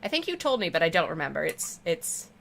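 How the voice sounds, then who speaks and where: A woman's voice: low-pitched, big pitch swings, fast, gravelly, fairly bright tone, a little hiss or hum. A woman streamer chatting casually with her viewers while she plays a game, rambling and affectionate. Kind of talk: casual chat while gaming.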